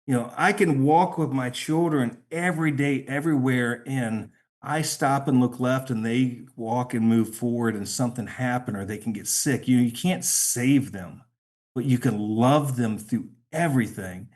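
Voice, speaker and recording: A middle-aged man, a podcast guest, telling a personal story in a halting, emotional way, often repeating words. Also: mid-range voice, a little mellow.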